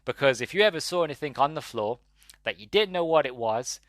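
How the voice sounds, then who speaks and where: A man's voice: mid-range voice, expressive, fairly quick, fairly bright tone, no echo. A man hosting a podcast, reviewing a movie in a rambling, exasperated way with laughing asides. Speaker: podcast host. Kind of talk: casual solo movie review.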